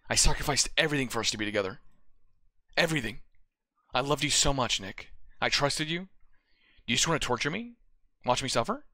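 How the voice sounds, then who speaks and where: A man's voice: medium pitch, animated, a little fast, pauses often, no room sound, voice pushed up. Monika, a clingy schoolgirl, as a man reads her. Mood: heartbroken. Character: lovesick teenage girl, clingy club president. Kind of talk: reading game dialogue aloud. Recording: loud music behind.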